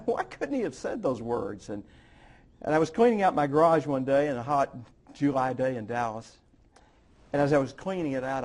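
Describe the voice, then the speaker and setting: A middle-aged man, a guest on a television interview, tells a heartfelt personal story, halting now and then with restarts and fillers. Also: medium pitch, creaky, darkish tone. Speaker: guest, author and speaker. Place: television studio.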